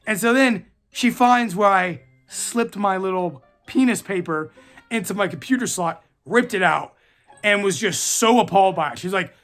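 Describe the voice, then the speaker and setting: High-voiced young man telling a story. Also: normal speed, fairly bright tone, faint music behind. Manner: rambling, full of "like" and swearing, laughing as he goes. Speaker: channel host. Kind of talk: casual storytelling.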